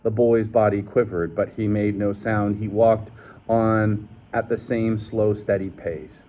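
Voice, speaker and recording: Low-voiced man reading a novel aloud. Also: level tone, dark tone, a little hiss or hum. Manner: measured, with slips and restarts. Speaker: reader. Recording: dull lo-fi recording.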